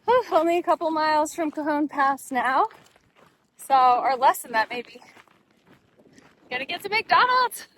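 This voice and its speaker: A woman's voice: high voice, lively intonation, measured pace, pauses often, a bit bright. A woman vlogging on a desert mountain trail, chatty and exclaiming often at the views while she walks with a handheld camera. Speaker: thru-hiker vlogger. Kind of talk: casual trail vlog narration.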